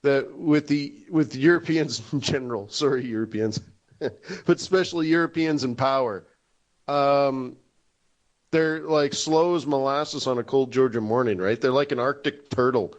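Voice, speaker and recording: A man's voice: mid-range voice, moderate pace. A man in his forties hosting a live trading webinar, joking and laughing at his own jokes. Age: 40s. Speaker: forex webinar host.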